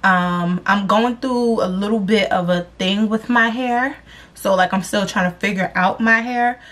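Young woman's quick, upbeat vlog intro. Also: medium pitch, fairly bright tone. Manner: rambling and upbeat, loses track of her own points. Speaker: beauty vlogger.

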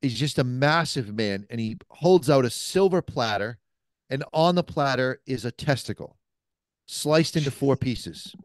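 A male cigar shop owner guesting on a podcast, telling a long story in an animated, profane way. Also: medium pitch, unhurried, no echo. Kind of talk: anecdotal storytelling. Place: mobile podcast studio.

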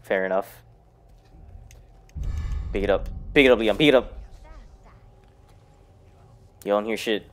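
A man casually commenting while playing a horror game, muttering low to himself, cursing often, and breaking into loud startled shouts. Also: unhurried, pauses often. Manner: profane, jokey self-talk to the game. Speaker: gaming YouTuber. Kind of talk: casual let's-play commentary.

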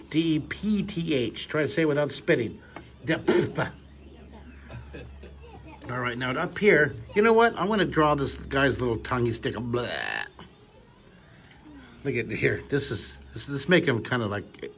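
A middle-aged man leading a live drawing lesson for a class of children, energetic and joking as he cheers them on. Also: mid-range voice, slight background noise. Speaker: drawing teacher.

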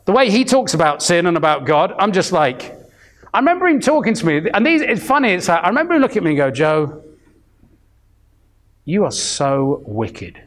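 A man's voice: high voice, sing-song, fast, fairly bright tone. A man in his fifties preaching a sermon, telling stories in a chatty way and acting out the voices of the people in them. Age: 50s. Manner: storytelling, acting out quoted voices; chatty, full of restarts.

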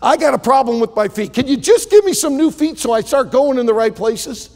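A preacher playing a desperate pleading patient. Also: male voice, high voice, animated, normal speed, gravelly, long reverb tail, full character voice. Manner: pleading, rising to shouts.

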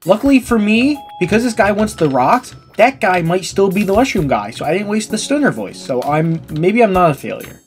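A woman's voice: mid-range voice, big pitch swings, normal speed, few pauses, soft background music. A woman giving gameplay commentary in a crude, joking, self-mocking way. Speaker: gaming video creator.

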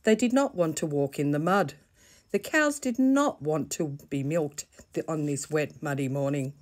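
A woman with an Australian accent, reading a children's bedtime story slowly and gently. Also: deep voice. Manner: slow, gentle, deliberate reading.

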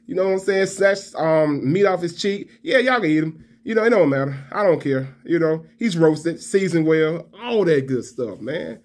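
A man's voice: a little high, animated, normal speed, few pauses, a little mellow. A man giving a fired-up, profane fan rant to camera. He trash-talks and repeats himself. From Alabama fan. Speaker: college football vlogger.

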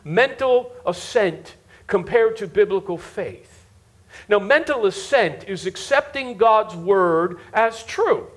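A pastor preaching a sermon to a live congregation, repeating words for emphasis and asking the listeners directly if they follow him. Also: male voice, high-pitched, expressive, takes it slowly. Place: church before a live congregation.

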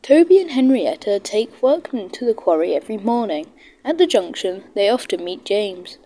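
A woman reading a children's train story aloud, expressive and voicing every character herself. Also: mid-range voice, moderate pace. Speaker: storybook narrator.

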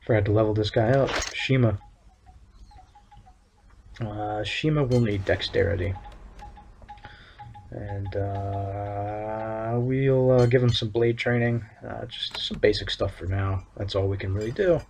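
A man's voice: lowish voice, normal speed, vocal fry, a little mellow, slight background noise. A man giving casual commentary while playing a game, hesitant and thinking aloud with many fillers. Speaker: let's play gamer.

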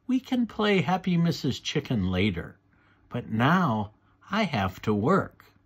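A man's voice: mid-range voice, sing-song, slow pace, breathy edge, full character voice. A man voicing a firm, patient mother pig in a read-aloud storybook.

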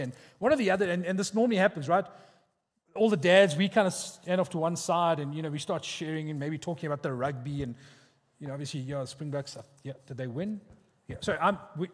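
Lay it out for the congregation like a South African pastor telling a story, chatty and a little high, with a long reverb in the hall behind you. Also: male voice. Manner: conversational storytelling with quoted voices. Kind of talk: sermon. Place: church hall.

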